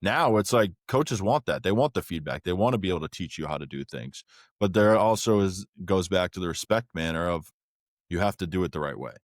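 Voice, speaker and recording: Deep-voiced man hosting a podcast. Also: expressive, a little fast, no room sound, studio quality. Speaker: podcast host. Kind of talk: casual podcast interview.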